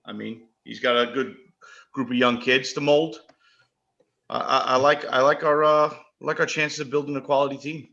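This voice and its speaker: A man's voice: medium pitch, steady tone, moderate pace, creaky, pushed and bright, muffled recording. A man co-hosting a casual sports podcast, talking bluntly and emphatically with plenty of swearing. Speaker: podcast co-host.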